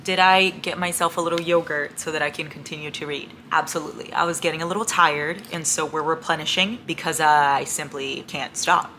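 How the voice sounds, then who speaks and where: A young woman vlogging at home about her reading, gushing, excitable and swearing a lot. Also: low voice, a little fast, hardly any pauses, a little hiss or hum. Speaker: book vlogger. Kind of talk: casual reading vlog.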